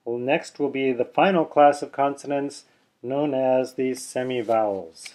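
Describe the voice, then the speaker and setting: A language teacher with a mellow, mid-range voice gives an unhurried pronunciation lesson on video, patiently explaining and demonstrating sounds aloud. He's casually chatty and sometimes corrects himself. Recorded on a camera mic visible in the video, the audio is dull and lo-fi.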